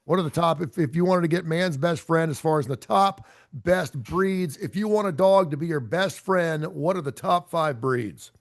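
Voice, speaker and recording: Middle-aged radio host guy, kinda high and gravelly, rambles and jokes on himself, um-ing a lot, dry close mic. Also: moderate pace, few pauses, no room sound. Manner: rambling, self-deprecating, full of fillers and restarts. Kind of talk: casual chat.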